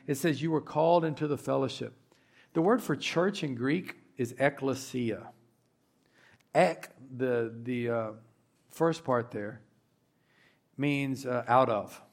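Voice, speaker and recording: Gravelly-voiced man preaching earnestly. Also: medium pitch. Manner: earnest, builds to fervent emphasis. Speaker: pastor. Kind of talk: sermon.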